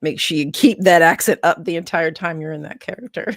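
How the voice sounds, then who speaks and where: A woman's voice: low voice, fairly quick, dry recording, studio quality. A woman chatting casually on a livestream.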